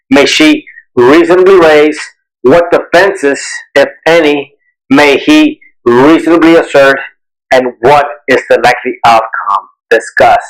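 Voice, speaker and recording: A man's voice: medium pitch, rough recording. A man reviewing a law exam question as a tutor, explaining step by step and answering his own questions. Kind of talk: recorded exam review lesson.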